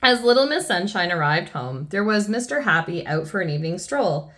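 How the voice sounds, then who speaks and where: A woman reads a children's picture book aloud in a storytelling voice. Her pitch rises and falls freely as she narrates. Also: fairly quick. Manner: expressive storytelling.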